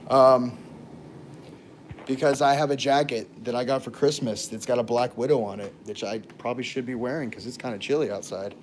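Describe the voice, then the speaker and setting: This live streamer is a man with a mid-range voice and fairly even intonation who talks briskly. He rambles through chatty stories for his audience, addressing viewers and interrupting himself mid-thought. There's slight background noise.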